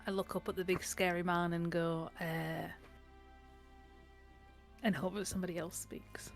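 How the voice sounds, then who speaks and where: A woman's voice: lowish voice, flat delivery, a little slow. A woman playing a tabletop game, speaking in a timid, hesitant way. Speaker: player. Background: faint background music.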